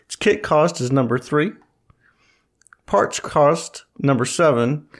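A man's voice: on the high side, animated, slow pace. Man reading rankings aloud. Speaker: podcast co-host. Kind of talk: reading a list, casual.

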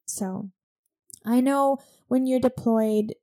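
A woman's voice: fairly high pitch, slow, mellow. A young woman co-hosting a casual chat, blunt and indignant, swearing freely. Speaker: podcast co-host.

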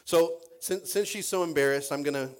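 A male pastor delivers a sermon, reading scripture aloud and praying quietly. His voice sits a touch higher than most men's. He often repeats words as he restarts a sentence. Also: brisk. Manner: prays and reads in a soft, low voice.

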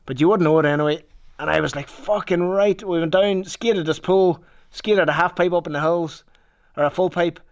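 Swearing Northern Irish storyteller. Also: male voice, fairly high pitch, fairly even intonation, a little fast. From Northern Ireland. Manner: swears freely, rambling anecdote with restarts. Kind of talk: casual storytelling.

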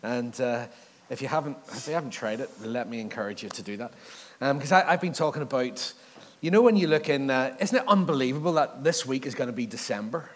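A pastor in his 30s delivers a casual sermon in a church hall, chatting, joking, and asking the congregation questions. His mid-range voice is brisk with lively intonation, and the recording carries long hall reverb.

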